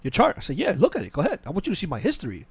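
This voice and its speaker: Male podcast host, quick storyteller, slightly high voice, dry close mic, lots of restarts. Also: slightly rough, no echo. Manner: fast, animated storytelling with frequent restarts and quoted dialogue. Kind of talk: casual podcast chat, storytelling.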